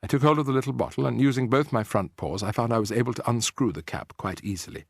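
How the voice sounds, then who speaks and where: A man narrating an audiobook in an expressive, theatrical manner. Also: medium pitch, fast talker, creaky, dry recording, studio quality. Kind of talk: scripted narration.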